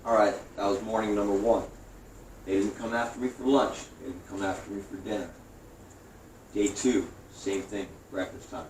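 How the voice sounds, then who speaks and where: A man in his forties from New York, a guest who tells his story in a profane, animated way. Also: deep voice, moderate pace. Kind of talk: storytelling interview. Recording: roomy, distant mic, faint hiss.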